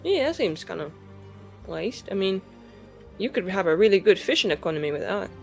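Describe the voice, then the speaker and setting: A woman's voice: mid-range voice, sing-song, brisk, vocal fry, a little mellow, soft background music. Rambling, swearing woman player. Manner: rambling, filler-heavy, swears. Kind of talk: casual chat.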